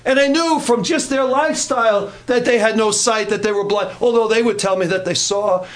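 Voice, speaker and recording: Male preacher with a high voice, earnest, repeats himself for emphasis, drops in folksy jokes. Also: a little fast. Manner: earnest, repetitive, with folksy humorous asides. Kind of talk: sermon.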